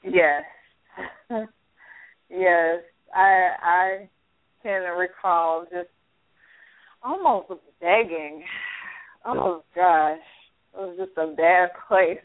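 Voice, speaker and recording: A woman co-hosting a faith-based advice radio show. She speaks softly and candidly while reflecting on her own past. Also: fairly low pitch, very slow, pauses often, dry recording. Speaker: radio co-host. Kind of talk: personal sharing on talk radio. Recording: dry, tinny phone-like radio audio.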